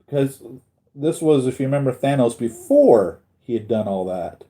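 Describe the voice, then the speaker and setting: A man's voice: mid-range voice, lively intonation, moderate pace, warm tone. A man hosting a casual live stream about collectible figures, rambling and thinking aloud as he answers viewer comments. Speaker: collectibles channel host.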